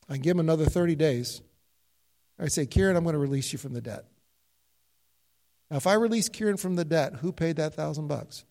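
A pastor preaches a sermon in a fairly high voice. He tells stories and keeps posing questions to his listeners, then answers them himself. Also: warm tone. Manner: storytelling with rhetorical questions.

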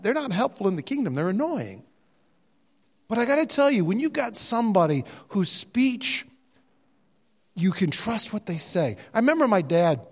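An older man preaching a sermon, animated and jokey, sometimes mimicking other voices. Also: sits high. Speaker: pastor. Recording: reverberant hall sound.

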